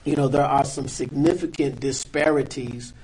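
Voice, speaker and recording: A man, a pastor, speaking earnestly as an interview guest in a measured, halting way with many fillers. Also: medium pitch, steady tone, darkish tone, slightly rough, rough recording.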